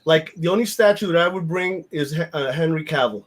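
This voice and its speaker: A man's voice: on the high side, a little fast. A man, hosting a casual podcast chat in a blunt, rambling, profane way with lots of fillers. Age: 50s. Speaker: podcast host.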